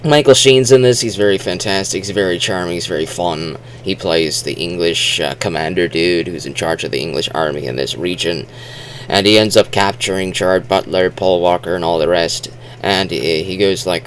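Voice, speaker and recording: A man's voice: deep voice, moderate pace, a little hiss or hum. A man casually recapping a movie, rambling with sarcastic asides and self-deprecating remarks.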